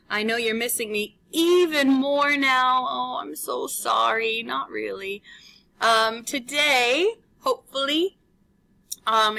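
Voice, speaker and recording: A woman's voice: fairly high pitch, sharp tone, low-quality recording. A woman teacher recording chatty, teasing instructions for her class while a substitute runs the room. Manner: chatty and teasing, with many fillers.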